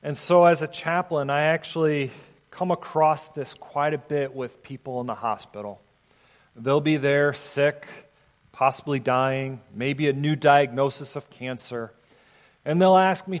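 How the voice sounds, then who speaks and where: A man's voice: fairly high pitch, unhurried. A man, a hospital chaplain, giving a conversational sermon and acting out the prayers he quotes. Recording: long hall reverb.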